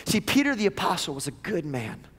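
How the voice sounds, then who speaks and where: A man with a very high voice preaches a sermon in a church, his words ringing with a long reverb around the sanctuary. He is emphatic, stacks up questions and drives his points home again and again. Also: sing-song, fairly quick, fairly bright tone, husky. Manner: emphatic, repeats questions, acts out voices he quotes. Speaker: lead pastor.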